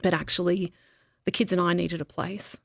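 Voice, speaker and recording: A woman guest on a podcast, telling a deeply personal story in a halting way, with many pauses and restarts. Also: steady tone, vocal fry, no echo, clean studio sound. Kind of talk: emotional interview, personal story.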